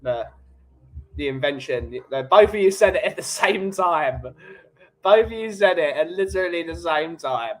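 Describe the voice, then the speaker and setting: A man with a London English accent, hosting a relaxed coffee chat stream and bantering jokily with his live chat. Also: a little high, normal speed, low-quality recording. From England. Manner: jokey, rambling banter.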